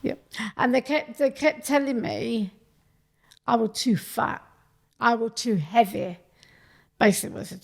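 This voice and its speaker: A woman's voice: fairly high pitch, measured pace, creaky. A woman, telling blunt, sweary stories as a podcast guest in a studio. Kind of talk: casual chat.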